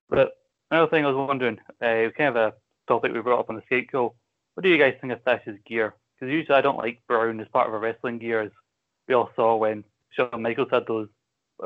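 A Scottish man co-hosting a casual wrestling chat over a call, talking in a chatty, dry, teasing way. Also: medium pitch. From Scotland. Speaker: podcast co-host. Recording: tinny phone-like call audio.

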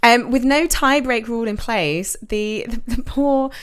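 A woman's voice: a little high, unhurried, clear, resonant tone. A young woman co-hosting a casual podcast, telling a story in a chatty way, swearing and laughing often. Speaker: podcast co-host. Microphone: podcast microphone.

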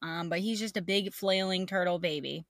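A woman's voice: fairly low pitch, moderate pace, no room sound, studio quality. A woman chatting casually, making hesitant, teasing asides. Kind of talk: casual group chat.

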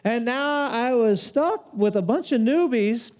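A man in his fifties telling a personal story in a sermon, in an animated, self-mocking way. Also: very high-pitched, measured pace. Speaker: preacher.

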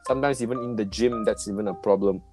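A young man with a Singaporean accent co-hosting a casual podcast chat. He jokes easily and backpedals with a laugh when a topic gets touchy. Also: on the low side. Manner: jokey, quick to laugh and backpedal. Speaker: podcast co-host. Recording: guitar music playing underneath.

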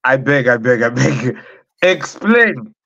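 A man's voice: medium pitch, sing-song, takes it slowly, vocal fry, pushed and bright, dull audio. A man in casual podcast chat, protesting and laughing, repeating short phrases.

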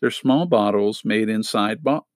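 A man's voice: lowish voice, a little slow, no room sound, close to an everyday voice. A man putting on an inventive young girl who talks in a practical, earnest way despite her worry. The storybook voice stays mostly near the reader's own, recorded close and dry. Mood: worried.

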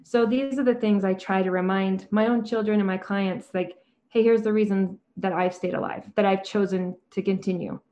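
A woman in her forties, a therapist talking calmly and earnestly, often acting out her own conversations. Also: medium pitch, normal speed, dull audio. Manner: calm, soft-spoken, quotes herself in dialogue. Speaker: therapist and guest.

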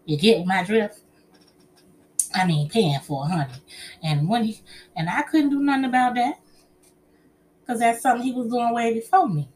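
A middle-aged woman telling personal stories and giving relationship advice to an audience, in a chatty, expressive way, calling listeners honey and child. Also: a little high, normal speed, long pauses, slight background noise.

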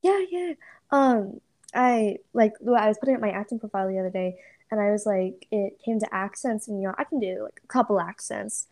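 A woman's voice: mid-range voice, a little fast, darkish tone. A young adult woman hosting a podcast, chatting casually and hesitantly with many fillers. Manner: hesitant, many ums and likes. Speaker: podcast host. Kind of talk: casual interview chat.

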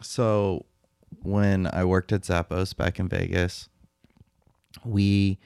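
A lower-pitched man swaps stories in a casual podcast chat, cursing freely and getting animated as he talks. His voice sits on the low side and sounds dry and close to the mic. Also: slow pace, creaky, clear, resonant tone, dry recording. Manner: animated, swears, laughs while telling stories. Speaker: podcast co-host.

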